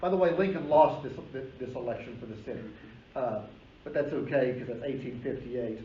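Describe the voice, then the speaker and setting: A man's voice: mid-range voice, fairly quick, dark tone, slight background noise. Male history professor, emphatic storytelling lecture, casual asides, roomy dull recording. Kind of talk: classroom lecture.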